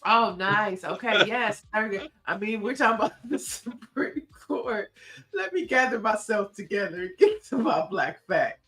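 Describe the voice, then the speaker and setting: Woman, bright voice, morning show co-host, animated, laughs easily, casual news chat. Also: mid-range voice, moderate pace, faint music behind. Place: Los Angeles.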